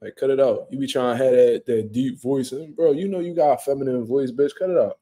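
A young man hosts a casual livestream from home, answering viewer comments in loose, slang-heavy and profane talk. His voice sits in an ordinary middle register with a dark, mellow tone. He sounds relaxed and conversational throughout. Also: mid-range voice, a little fast. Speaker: livestream host. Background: quiet room at home.

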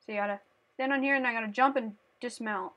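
A woman playing a platform game on camera, chatting playfully and breaking into shrieks and yells as she plays. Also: a little high, fast. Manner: playful, talks to the game and her cat. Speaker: gaming channel host. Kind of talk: let's play commentary.

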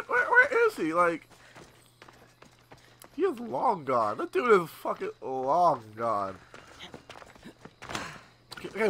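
Excitable, bright-voiced gaming guy. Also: sits high, a little hiss or hum. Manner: excitable, swears a lot, laughs often. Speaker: gaming YouTuber. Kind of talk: casual gameplay commentary.

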